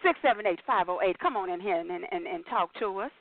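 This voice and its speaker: A woman hosting a casual radio sports chat, animated and laughing, often repeating words as she hypes the show. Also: medium pitch, fast, slight background noise. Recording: tinny phone-line sound with faint music.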